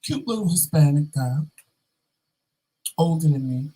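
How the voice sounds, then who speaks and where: A man vlogging, telling a story in a casual, animated and sassy way with dramatic asides to his viewers. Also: fairly high pitch, measured pace, long pauses, slightly rough, low-quality recording.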